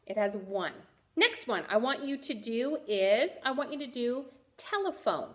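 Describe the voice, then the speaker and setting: Female primary teacher, high and sing-song, slow and clear, encouraging young readers. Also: expressive. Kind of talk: first-grade reading lesson.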